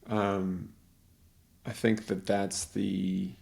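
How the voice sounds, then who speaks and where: A man's voice: sits low, level tone, extremely slow, gravelly, darkish tone. A middle-aged man in casual conversation, telling a rambling story and acting out the voices of the people in it.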